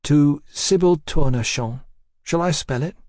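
A man putting on a coaxing high-strung Englishwoman. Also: unhurried, darkish tone, no room sound, clean studio sound, lightly acted. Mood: mocking. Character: flighty forward Englishwoman living in France.

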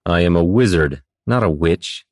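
A man voicing a bookish young wizard who speaks in stiff, old-fashioned, formal phrases. His low voice carries a proud, measured tone and sounds dry and close, in a fantasy storybook reading. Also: animated, a little mellow, dry recording. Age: young adult.

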